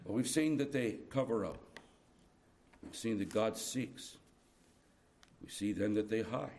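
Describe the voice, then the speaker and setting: A middle-aged man preaching a sermon, moving from soft, tender passages to loud, urgent appeals. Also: on the low side, unhurried, slight background noise.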